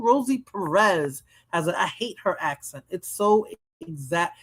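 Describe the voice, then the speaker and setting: A woman's voice: fairly low pitch, animated, unhurried, fairly bright tone, breathy edge. A woman hosting a livestream, chatting bluntly about viral clips and saying "you know" a lot. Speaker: livestream host. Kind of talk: casual commentary on viral clips.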